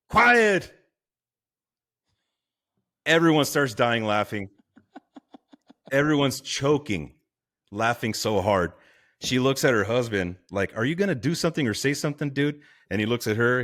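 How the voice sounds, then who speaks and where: A man who is a guest on a podcast, telling a story in a casual, animated way and acting out the people he quotes. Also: medium pitch. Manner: animated, laughing, acts out quotes. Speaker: guest, firefighter.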